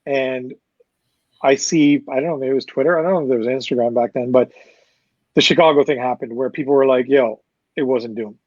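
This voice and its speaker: A man with a Canadian accent casually recounting a story as a promoter, animated, swearing and acting out the people he quotes. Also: mid-range voice, a little fast, no echo. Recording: slightly muffled dry recording.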